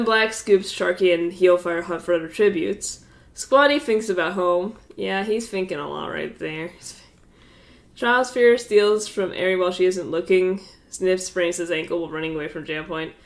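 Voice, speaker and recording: A woman's voice: lowish voice, normal speed. A congested woman streaming, reading out game events with amused, offhand asides and frequent laughter.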